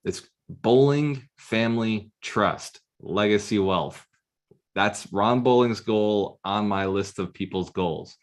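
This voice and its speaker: A man's voice: lowish voice, slow. A man giving a motivational coaching talk as a real estate mentor, punchy and firing rhetorical questions at his students over a video call.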